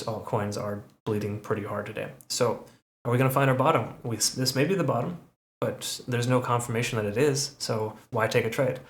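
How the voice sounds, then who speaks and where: A man walking through crypto price charts in a conversational way, often checking in with "okay" and "right?". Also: mid-range voice. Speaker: crypto market analyst. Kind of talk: chart analysis commentary. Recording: roomy echo.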